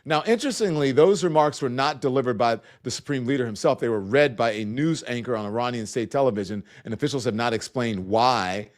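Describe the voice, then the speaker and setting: A middle-aged man hosting a live news stream in a loose, conversational way. His voice sits at an ordinary pitch for a man. He often restarts his sentences and speaks in asides to his crew. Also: a little fast, hardly any pauses. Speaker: host of a live online news talk show. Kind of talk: live-stream news commentary with viewer shout-outs.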